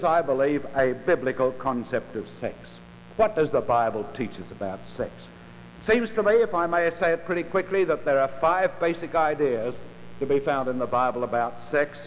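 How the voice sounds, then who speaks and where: A man preaching a sermon in a measured, emphatic way, with dramatic pauses between phrases. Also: on the high side. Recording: lo-fi recording in a large reverberant hall.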